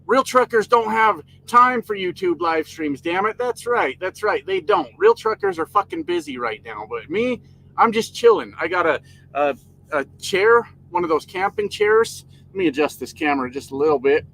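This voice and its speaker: A man's voice: high-pitched, sing-song, moderate pace, creaky, fairly bright tone, rough recording. A man live-streaming from his truck cab, casually chatting and joking while greeting viewers by name. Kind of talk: casual live stream chat reading comments. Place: inside a parked truck cab.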